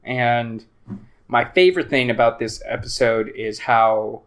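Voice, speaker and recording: A man's voice: mid-range voice, steady tone, measured pace. A young man hosting a podcast, chatting casually and joking, laughing often. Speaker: podcast host. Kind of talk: casual chat.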